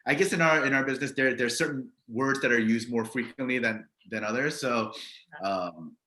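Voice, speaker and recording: An American man speaking as a guest on a video-call interview, relaxed and laughing often, tending to trail off with "so". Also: mid-range voice, a little fast. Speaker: guest, business leader. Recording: roomy echo.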